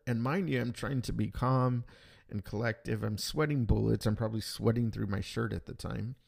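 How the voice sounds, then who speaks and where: Gravelly man telling a travel story. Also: lowish voice, moderate pace. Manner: rambling, animated retelling with quoted dialogue. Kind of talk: casual storytelling.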